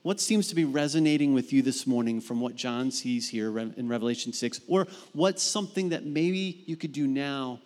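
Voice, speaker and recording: A man preaching a sermon as pastor, animated and emphatic, dropping into casual asides while telling stories. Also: mid-range voice, normal speed, hardly any pauses, in a large hall. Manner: animated, rising to emphatic peaks. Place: church sanctuary.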